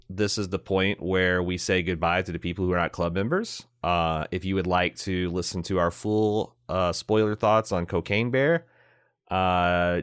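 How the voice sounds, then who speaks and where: A man co-hosting a podcast, chatting casually about movies, animated and swearing freely. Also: sits low, clean tone, dry recording, studio quality. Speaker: podcast co-host.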